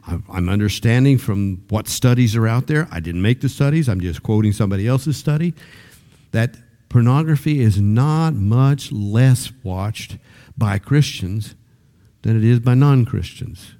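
Older male preacher, mellow and relaxed tone; chatty sermon delivery with stumbling restarts, builds to loud high-pitched emphasis. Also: a little slow. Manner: repeats words when starting sentences.

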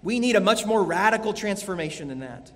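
A man's voice: sits high, animated, fairly quick, a bit bright. A man preaching a sermon as a pastor, earnest and emphatic, repeating key phrases. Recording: long hall reverb.

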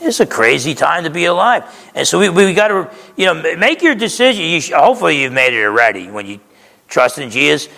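A man's voice: on the high side, very animated, brisk, vocal fry, sharp tone. A man in his sixties from New Jersey, preaching a conversational, emphatic sermon as a pastor. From New Jersey, USA. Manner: conversational, emphatic, keeps asking "okay?". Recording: reverberant hall.

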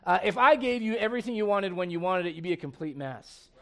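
Male pastor, high voice, conversational sermon delivery with halting restarts and jokey asides. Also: expressive, pushed and bright.

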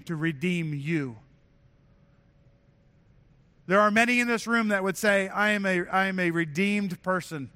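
A pastor preaches in a church. His voice sits high for a man and sounds bright and forceful. He talks earnestly and conversationally, often doubling back on his words. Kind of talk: sermon. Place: church sanctuary.

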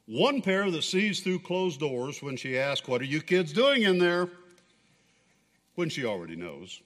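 A man's voice: a little high, sing-song, a little slow, a bit bright, long reverb tail. A man telling of God the Creator, patient and tender.

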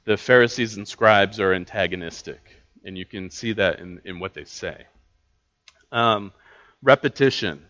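A man's voice: fairly low pitch, unhurried, fairly bright tone, highs cut off. A man teaching a Bible study class in a casual way, with many fillers and restarts.

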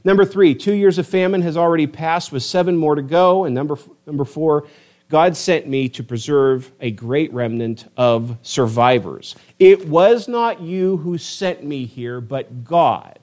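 A man preaching a sermon with a slightly high voice. He delivers it in an animated, emphatic way and keeps putting rhetorical questions to his listeners. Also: a little slow. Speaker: pastor.

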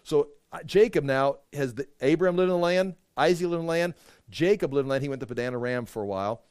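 Man, preacher, casual storytelling sermon, fairly high voice, dry sound. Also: fast talker, darkish tone, smooth, no room sound. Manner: casual storytelling with asides and jokes.

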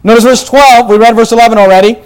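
A man with a strikingly high voice is teaching through a Bible passage verse by verse. His tone is smooth and clear. He repeats words, restarts his phrases and tells the congregation what to underline. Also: steady tone, fast, low-quality recording. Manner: repeats words and restarts, reads scripture aloud, directs listeners to underline. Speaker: preacher.

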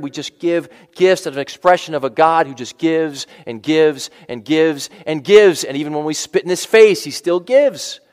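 Man preaching in a reverberant hall. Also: fairly high pitch. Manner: conversational preaching with asides and restarts. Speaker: pastor. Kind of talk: sermon.

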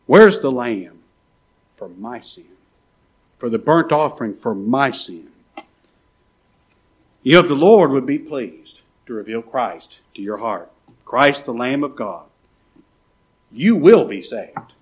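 A man's voice: mid-range voice, lively intonation, takes it slowly, long pauses, husky. A man preaching a sermon in church, impassioned and pleading, his voice often rising to urgent cries. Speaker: pastor.

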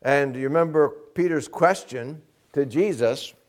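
A man's voice: a little high, unhurried. A man preaching a sermon as pastor, earnest and emphatic, asking the congregation direct questions.

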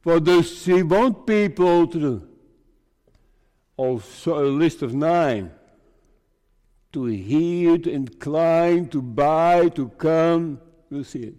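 A man preaching a sermon to his congregation, speaking slowly in short, measured phrases. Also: a little high, mellow. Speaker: pastor. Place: church. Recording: reverberant church hall.

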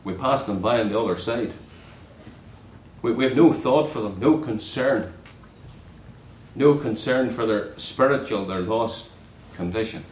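A man preaching a sermon in an earnest way, dropping low and soft on key words. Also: measured pace, pauses often, reverberant, slight background noise, rough recording.

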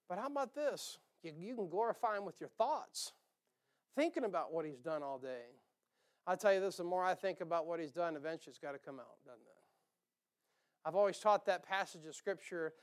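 A man preaching a sermon as pastor, in an animated style with asides, quoted voices. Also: high voice, clear, resonant tone.

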